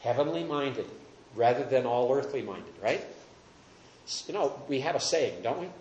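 A man's voice: mid-range voice, animated, moderate pace, a little mellow, muffled recording, a little hiss or hum. A man teaching a Bible study class, earnest and emphatic, asking the group questions. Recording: roomy echo.

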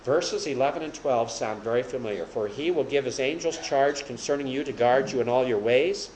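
A man teaching a Bible lesson to a small group, his voice at an ordinary middle pitch. He explains patiently and grows emphatic and louder when he quotes verses. A faint room hum sits behind him. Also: a little fast, echoey room, poor audio. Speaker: preacher teaching a Bible study.

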